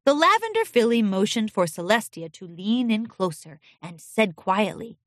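A woman narrating a children's storybook in an expressive, animated way. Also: mid-range voice, normal speed, hardly any pauses, no echo, studio quality. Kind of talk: storybook reading.

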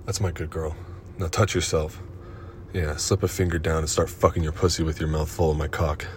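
A man performing an erotic audio role-play in a dominant, commanding and profane manner, with breathy moans between lines. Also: a bass voice, little pitch movement, fairly quick, slight background noise.

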